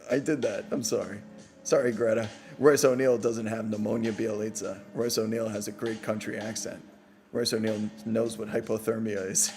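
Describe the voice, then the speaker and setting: A man's voice: on the low side, little pitch movement, brisk, a little mellow, faint music behind. A man hosting a casual live postgame show, bantering playfully with his audience and teasing himself. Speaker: podcast host.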